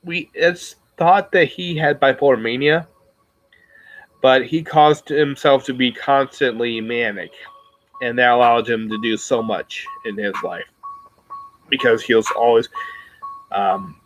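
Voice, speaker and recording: A man's voice: medium pitch, fairly even intonation, a little slow, long pauses, fairly bright tone, lo-fi sound, soft background music. Rambling man chatting to his viewers. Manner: rambling, self-reflective, many fillers and restarts. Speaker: YouTuber talking to his viewers. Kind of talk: casual livestream chat.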